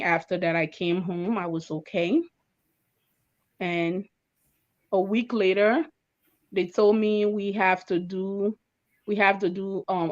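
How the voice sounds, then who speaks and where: A woman's voice: medium pitch, dull audio. A young woman giving an emotional personal testimony as an interview guest, stammering and repeating words as she tells her story. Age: young adult.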